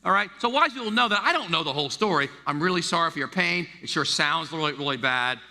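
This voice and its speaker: A middle-aged man from the United States preaching a sermon as a pastor, animated and stammering through restarts as he acts out quoted voices. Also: a little high, fast talker. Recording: long reverb of a large hall.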